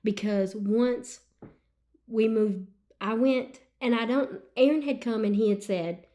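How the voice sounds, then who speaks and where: A woman, a podcast guest telling an emotional personal testimony in an earnest, animated way. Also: on the high side, slow. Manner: earnest and animated, with frequent "you know what I'm saying". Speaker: guest sharing her testimony.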